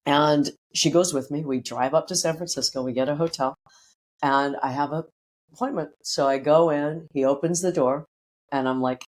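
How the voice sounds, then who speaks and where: A middle-aged woman guest tells a personal story in a lively, conversational way. She acts out what people said and swears casually. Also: low voice, normal speed. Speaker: guest, breathwork teacher. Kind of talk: personal storytelling in a podcast interview.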